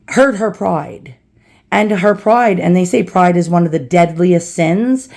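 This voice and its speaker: A woman's voice: medium pitch, creaky, darkish tone. New woman rambling through a storytime vlog, chatty, does the voices of people she quotes. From New York City. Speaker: storyteller vlogger. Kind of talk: casual spoken storytime.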